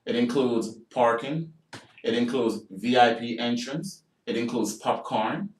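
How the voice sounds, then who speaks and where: A man's voice: medium pitch, a little slow. Jamaican male actor, chatty radio guest, roomy sound, distant mic. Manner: loose, talkative, many "you know" fillers. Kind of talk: casual radio interview chat. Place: radio studio.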